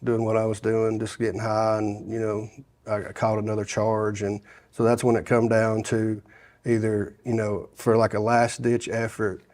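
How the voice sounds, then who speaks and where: A man from shares his testimony in a relaxed interview. His voice sits low, and his speech wanders, full of restarts and filler as he works through the story. He sounds middle-aged and unpolished. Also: moderate pace. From Sevier County, Tennessee. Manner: rambling storyteller, many restarts and "you know". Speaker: guest sharing his testimony.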